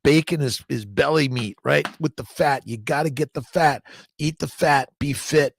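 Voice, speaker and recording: A man's voice: a little high, moderate pace, gravelly, slight background noise. A man hosting a casual livestream, reading out viewer comments and greeting them in a rambling, upbeat way. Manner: rambling, upbeat, repeats catchphrases and restarts words. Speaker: livestream host.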